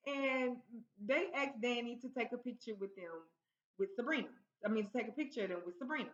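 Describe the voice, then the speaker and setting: A woman's voice: fairly high pitch, fairly quick. Chatty woman recapping a TV episode. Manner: chatty storytelling, acts out characters' lines. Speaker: TV recap host. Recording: roomy, dull lo-fi sound.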